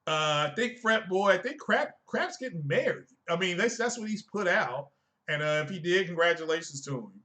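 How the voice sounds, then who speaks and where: A man talks to his live-stream viewers about games in a bright, forceful voice that sits a little high for a man. He is emphatic and likes rhetorical questions, scolding his audience as he goes. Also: animated, normal speed. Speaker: tech and gaming streamer. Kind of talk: casual live-stream commentary.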